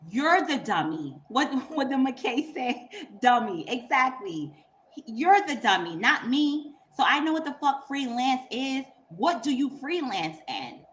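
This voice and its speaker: A woman's voice: sits high, big pitch swings, a little slow, fairly bright tone, slight background noise. A woman on her own channel, telling a story in casual, profane, emphatic talk and laughing through it. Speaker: YouTuber.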